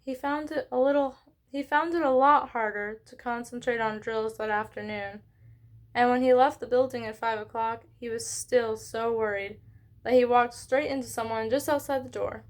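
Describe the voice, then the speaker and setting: A woman reading a children's novel aloud in an expressive way, with small slips and self-corrections. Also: fairly high pitch, normal speed. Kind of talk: read-along book narration.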